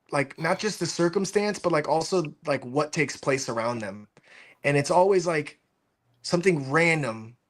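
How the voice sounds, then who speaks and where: A man chatting on a live audio space in an earnest, reflective way with loose phrasing. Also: fairly high pitch.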